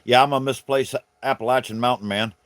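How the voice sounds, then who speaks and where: A man's voice: medium pitch, steady tone, fairly quick, fairly bright tone, no room sound. A middle-aged man from South Carolina with a Southern accent, chatting casually with viewers on his livestream in a folksy, rambling way. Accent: Southern American. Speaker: livestream host.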